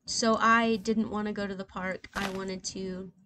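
A woman's voice: mid-range voice, a little slow, poor audio. A woman in her twenties chatting casually while playing a video game, rambling with lots of fillers. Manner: soft and reflective; excited, loud outbursts. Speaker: gaming channel host. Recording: clear keyboard and mouse noise.

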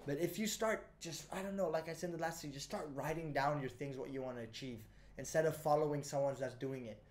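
A man's voice: a little high, fast, a little mellow. Eager man hosting a casual podcast. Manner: enthusiastic, affirming, swears casually. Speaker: podcast host.

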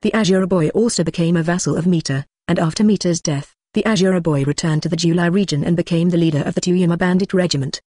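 Audiobook narration, synthetic voice, even reading, dry recording. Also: medium pitch, quick pace, few pauses, dry recording. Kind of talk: scripted narration.

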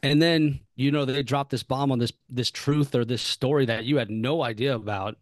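A man's voice: mid-range voice, steady tone, normal speed, no echo. Earnest man giving advice, dry sound. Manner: earnest, explains with repeated emphasis. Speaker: podcast guest. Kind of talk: conversational advice.

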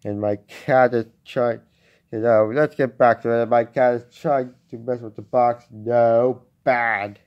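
A man casually reviewing a toy at home, talking in a halting way with many restarts. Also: mid-range voice, level tone, lo-fi sound. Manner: halting, with frequent restarts and fillers.

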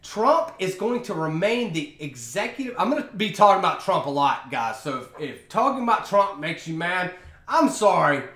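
A man talks through his own podcast in a loose, slangy ramble packed with fillers. His voice sits high and bright, bouncing up and down as he goes. The room around him gives a noticeable echo. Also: big pitch swings, normal speed. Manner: chatty, slangy storytelling with many fillers. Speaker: podcast host. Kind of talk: casual solo podcast monologue.

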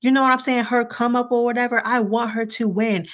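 A woman's voice: on the high side, fairly even intonation, fairly quick, a bit bright. A woman in her twenties hosting casual pop-culture gossip commentary, blunt and sassy with slangy asides. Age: 20s.

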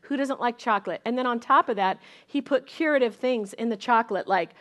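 A middle-aged woman pastor preaching, her voice a touch high for a woman. She tells a family testimony with lively, chatty storytelling, repeating words and restarting phrases as she goes. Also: a little fast. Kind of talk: sermon.

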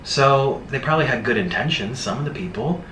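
A man's voice: mid-range voice, animated, brisk, fairly bright tone, reverberant, slight background noise. A man hosting a mukbang video, ranting casually and at length to the camera, rambling with emphatic asides and mocking impressions. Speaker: mukbang host. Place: room in Bangkok.

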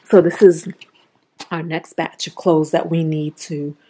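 Moving between rooms of a home, a woman in her thirties films a casual vlog, addressing her viewers directly as "y'all." She speaks in a low, dark voice with a level tone and a measured pace.

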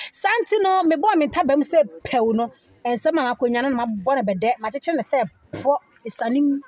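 A Ghanaian woman presenting entertainment gossip news, telling the stories in an animated way with exclamations. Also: sits high, no echo, poor audio. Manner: animated storytelling with laughs and exclamations.

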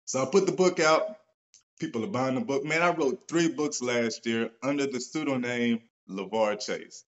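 A man talking straight to his viewers in a loose, animated way, cursing casually and getting louder when excited. His voice sits in a middle range, and the live-stream audio comes through a little dull and lo-fi. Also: medium pitch, moderate pace. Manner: animated, swears casually, gets excited and loud. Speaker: author and host of a live stream. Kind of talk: casual motivational talk. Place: at home, seated in a wheelchair.

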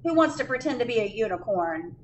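A woman's voice: fairly high pitch, big pitch swings, a little fast, highs cut off, a little hiss or hum. A woman librarian reading a picture book aloud at children's storytime, sing-song and asking the children questions.

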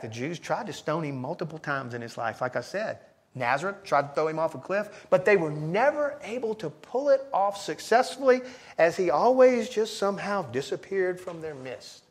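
A man preaching a sermon as pastor, dramatic and emphatic, acting out the people he quotes with big swings in loudness. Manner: dramatic, voices quoted speakers with sharp swings in pitch and volume.

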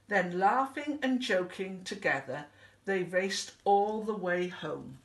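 A woman teacher reading a picture book aloud in a slow, expressive storytelling way. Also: mid-range voice, reverberant, recorded from a distance, a little hiss or hum.

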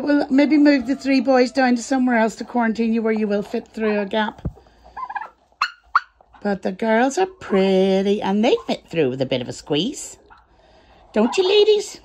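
A woman's voice: fairly high pitch, a little mellow. A woman chatting in sing-song baby talk to her poultry outdoors, farm birds audible behind her. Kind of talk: casual vlog, baby talk to animals. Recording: noisy outdoor farm recording. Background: birds clucking and gobbling.

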